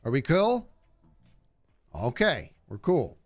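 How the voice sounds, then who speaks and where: A man's voice: medium pitch, slow, soft background music. A man live-streaming a video game, chatting casually and joking at the enemies on screen as he plays. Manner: animated, jokey, talks to game enemies. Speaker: gaming streamer.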